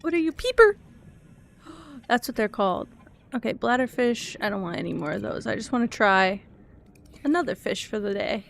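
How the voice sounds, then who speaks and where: A woman's voice: medium pitch, normal speed, creaky. A young woman streaming a game, chatting to her viewers in a nervous, giggly way and swinging between whimpering fear and casual commentary.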